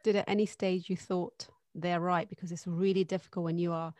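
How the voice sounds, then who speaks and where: A woman's voice: lowish voice, flat delivery, brisk, a little mellow, no room sound. A woman hosting a podcast, asking probing questions in a chatty way with frequent restarts. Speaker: podcast host. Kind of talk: casual podcast interview.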